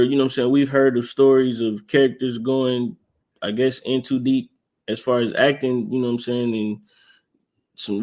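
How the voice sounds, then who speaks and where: Relaxed man musing on a podcast. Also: medium pitch. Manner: relaxed, reflective, often says "you know what I'm saying". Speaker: podcast co-host. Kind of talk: casual chat.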